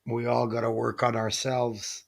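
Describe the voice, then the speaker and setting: A man's voice: medium pitch, monotone, measured pace, creaky. A man talking as a livestream guest, giving his opinions hesitantly. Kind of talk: casual opinion talk.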